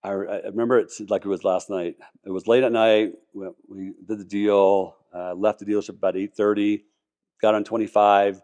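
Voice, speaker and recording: An enthusiastic man with a somewhat low voice, chatting as a podcast guest. He rambles, restarts his sentences and piles on details. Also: flat delivery, normal speed, darkish tone, lo-fi sound. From Colorado, US. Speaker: podcast guest, car collector. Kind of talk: casual interview talk.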